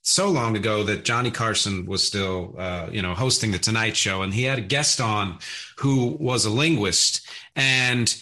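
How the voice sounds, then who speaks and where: A man's voice: lowish voice, normal speed, sharp tone. A man with a Philadelphia accent hosting a podcast interview, talking enthusiastically with rambling restarts. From South Jersey / Philadelphia area. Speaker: podcast host. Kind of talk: casual interview chat.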